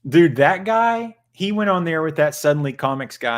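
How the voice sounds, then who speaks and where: A man's voice: on the high side, very animated, brisk, few pauses. A man hosting a casual livestream chat, rambling and joking with plenty of profanity. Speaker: channel host.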